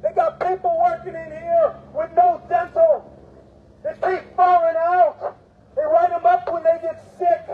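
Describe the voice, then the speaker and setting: A man speaking as a union steward, giving an impassioned protest speech, fiery and preachy, repeating phrases and often shouting. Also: very high-pitched, little pitch movement, unhurried. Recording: tinny phone-like audio.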